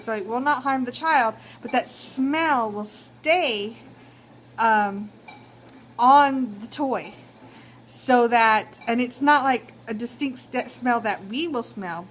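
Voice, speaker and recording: Chatty Texan woman with a higher voice. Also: fairly bright tone, slight background noise, poor audio. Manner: chatty, many fillers like um and you know. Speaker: vlogger. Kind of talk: casual advice vlog.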